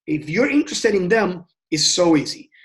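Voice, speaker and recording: Man, high voice, sales trainer, casual teaching, emphatic, frequent restarts. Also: big pitch swings, normal speed, fairly bright tone. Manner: passionate and emphatic; repeats words and restarts often.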